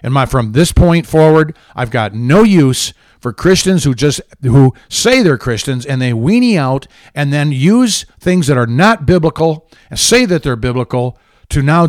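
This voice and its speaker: A man's voice: fairly high pitch, no room sound. A man hosting a political talk show, ranting with heated, indignant sarcasm. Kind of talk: angry political commentary.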